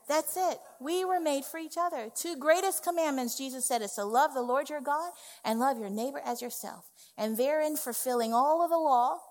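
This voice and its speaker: Lady pastor preaching, keeps saying okay, lots of echo in the hall. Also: sits high. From West Indies family. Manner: emphatic, conversational preaching with frequent "okay". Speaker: executive pastor. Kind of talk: sermon. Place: church sanctuary. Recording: long hall reverb.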